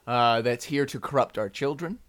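A man's voice: mid-range voice, moderate pace, a bit bright. A man co-hosting a casual comedy news chat, reading out stories, joking and laughing often. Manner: jokey, laughs often, reads news items aloud. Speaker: podcast co-host.

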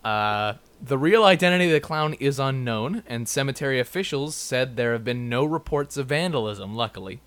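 A man's voice: mid-range voice, expressive, moderate pace, hardly any pauses, a bit bright, clear, resonant tone. A man co-hosting a casual podcast, reading out strange news stories with playful, exaggerated reactions and jokey asides. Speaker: podcast co-host.

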